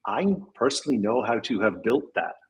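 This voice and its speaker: A man's voice: lowish voice, animated, brisk, husky, rough recording. A man who runs a tech company, speaking as an interview guest in a thoughtful, rambling way. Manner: thoughtful, rambling with restarts and small laughs. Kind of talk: casual interview conversation.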